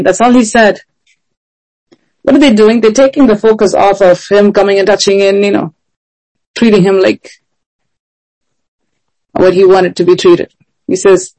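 A woman's voice: mid-range voice, unhurried, long pauses, warm tone, low-quality recording. A woman preaching a sermon in an earnest, emphatic way, often asking rhetorical questions.

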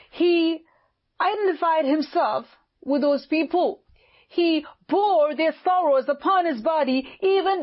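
A woman pastor delivering an impassioned sermon, swinging between loud fervent lines and hushed low ones. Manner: impassioned preaching with sudden loud and quiet swings. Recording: dull lo-fi audio.

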